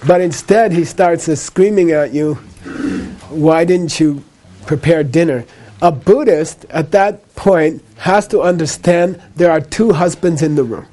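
A man's voice: on the high side, normal speed, hardly any pauses, mellow. A man teaching a live class on Buddhist ideas, explaining patiently, repeating key points and checking in with "okay?" after each one. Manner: patient explaining with a light laugh.

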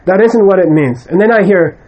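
A Buddhist teacher with a somewhat high-pitched voice gives a conversational lecture to students, emphatically and bluntly dismissing mistaken ideas. He keeps asking "okay?" to check his listeners are with him. His tone is darkish and the audio quality is poor.

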